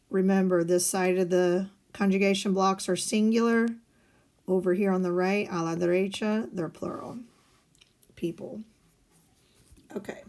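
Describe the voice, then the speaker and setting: Woman, teacher, mid-pitched voice, patient, step-by-step explanations, lesson recording. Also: darkish tone. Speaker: Spanish teacher. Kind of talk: recorded guided-notes lesson.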